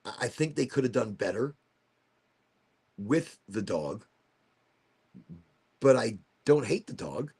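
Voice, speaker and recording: A man's voice: medium pitch, very animated, slow, vocal fry, pauses often, a little mellow, breathy edge. A man hosting a casual livestream chat, rambling from topic to topic and losing his thread. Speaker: host of a livestream talk show.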